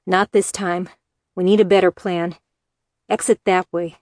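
An armed male ally barking clipped orders, as a woman narrator puts him on. The voice sits low and is recorded close and dry, with no room sound. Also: level tone, a little slow, darkish tone, no echo, close to an everyday voice. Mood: urgent.

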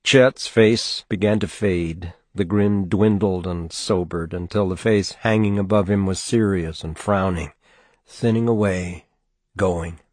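A man narrating a novel in a measured, steady audiobook reading on a close mic. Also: sits low, no echo. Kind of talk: scripted narration.

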